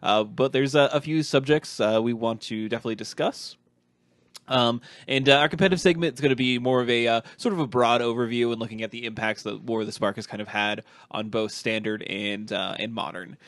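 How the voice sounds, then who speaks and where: A man's voice: mid-range voice, steady tone, brisk, a bit bright, no room sound, clean studio sound. A man hosting a casual podcast, rambling through his points with many fillers and restarts. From Ohio. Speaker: podcast host.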